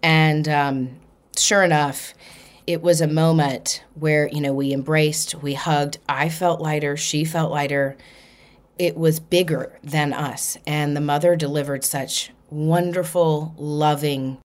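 Lady podcast host w a low voice, telling her story all animated. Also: slow. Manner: animated, acts out quoted voices. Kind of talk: storytelling monologue.

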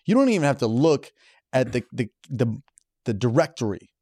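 Animated young man joking on a podcast. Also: mid-range voice, moderate pace, no room sound, clean studio sound. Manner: animated, joking, self-mocking. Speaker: podcast co-host. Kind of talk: crude comedy podcast banter.

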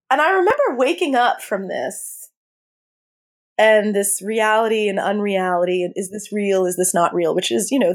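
Woman guest spilling a wild personal story, candid, lots of laughing, animated delivery. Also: mid-range voice.

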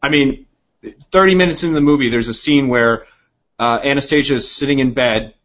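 A man's voice: mid-range voice, a little fast, fairly bright tone, dull audio. A man co-hosting a casual comedic podcast, animatedly retelling and acting out movie scenes. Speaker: podcast co-host.

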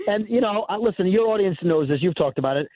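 A man with a New York accent, a podcast co-host guesting on a radio show, talking in an animated, rambling, self-deprecating way. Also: high voice, fast. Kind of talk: casual radio chat. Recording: tinny phone line.

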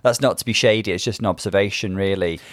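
A man co-hosting a casual podcast, chatty and quick to laugh, with frequent fillers. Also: on the low side, no echo, studio quality. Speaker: podcast co-host.

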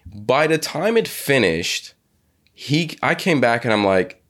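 A man hosting a business podcast, talking in a halting way with many restarts and telling a personal anecdote. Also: mid-range voice, big pitch swings, fairly bright tone. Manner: hesitant, many restarts and repeated words; storytelling, acts out quoted speech. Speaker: podcast host. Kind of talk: conversational interview.

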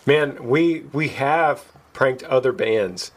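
Speaking slowly in a mid-range voice, this podcast host chats casually through a story. He gets animated, lifting his voice for the quoted lines, and laughs at himself mid-story.

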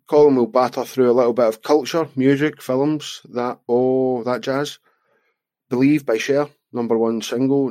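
A man's voice: medium pitch, warm tone, no echo. A Scottish man co-hosting a podcast, casually reading out jokes and chuckling often. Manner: jokey, reads listener jokes, chuckles often. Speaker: podcast co-host. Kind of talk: casual chat.

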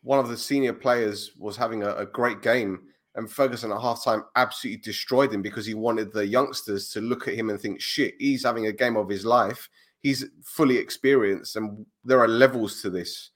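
A man co-hosting a podcast, chatting in a relaxed, laid-back way. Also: on the low side, moderate pace. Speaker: podcast co-host. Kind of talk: casual chat.

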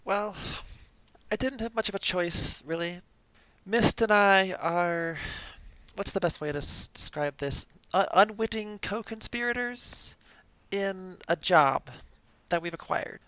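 A man's voice: high-pitched, a little slow, fairly bright tone, no room sound. A wary young woman thief, as a man plays her, speaking dryly and guardedly in a fairly light voice. The sound is dry and a bit dull, with faint music behind. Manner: hesitant, dry and evasive.

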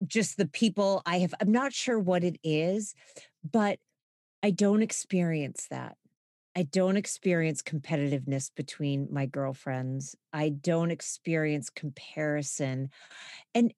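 A woman hosting a casual talk, excitable and thinking out loud, with frequent restarts as her thoughts run ahead. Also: deep voice, no room sound, studio quality. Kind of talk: casual conversation.

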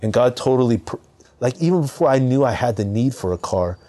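This podcast guest, a man from Southern California, has a mid-range voice and a brisk delivery. His personal story comes out casual and lively, loaded with filler words.

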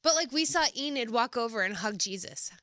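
A woman co-hosting a podcast in casual chat, agreeable and quick to giggle. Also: on the high side, expressive, sharp tone, no echo, studio quality. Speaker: podcast co-host.

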